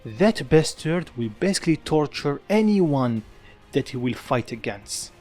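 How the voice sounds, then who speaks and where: A man's voice: a little high, big pitch swings, unhurried, darkish tone, soft background music. A man voicing a furious teenage boy with a demonic fox spirit, growling and menacing. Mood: growling menace.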